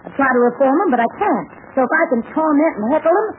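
A woman's voice: sits high, expressive, very fast. An actress playing a stout, stubborn young woman, snappish and contrary, in 1940s radio acting. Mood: sulky. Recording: tinny old radio broadcast with faint hiss.

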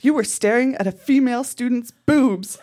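A woman's voice: on the high side, normal speed, mellow. A woman on a live theatre stage, reading aloud her own indignant schoolgirl letters with comic emphasis. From Canada.

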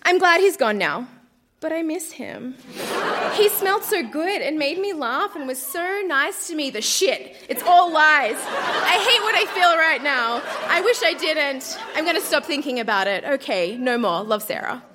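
A woman's voice: high voice, expressive, normal speed, crowd noise, background noise. A young woman on a theater stage reading her teenage diary aloud in a melodramatic way, often breaking into laughter. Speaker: reader at a live storytelling show.

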